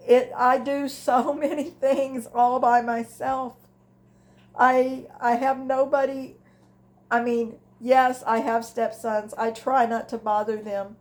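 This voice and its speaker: A woman's voice: a little high, level tone, slow pace, long pauses, darkish tone. A woman, older, talking candidly and emotionally about her grief in a personal vlog from home, rambling with restarts. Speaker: grief vlogger. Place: at home, indoors. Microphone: device camera.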